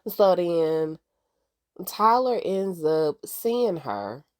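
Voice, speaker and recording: A woman recaps a TV episode in a chatty, slangy style and keeps calling out to her viewers. Her voice sits at a middle pitch. It swings up and down with lively emphasis. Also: extremely slow. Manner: animated, slangy, chatty, talks straight to viewers. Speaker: TV recap host. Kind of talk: casual TV recap.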